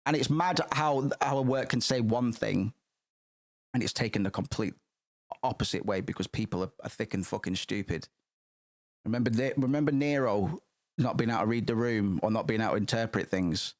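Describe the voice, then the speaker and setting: A man's voice: fairly low pitch, normal speed. A man streaming, chatting casually and rambling, swearing freely with many restarts.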